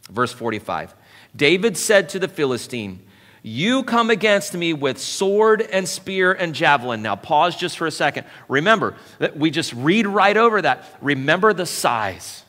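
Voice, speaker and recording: Pastor guy preaching, bright forceful voice, big churchy reverb, acts stuff out. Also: mid-range voice. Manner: animated, acts out the story with dramatic shifts in loudness. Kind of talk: sermon. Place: church sanctuary. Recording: church hall with long reverb.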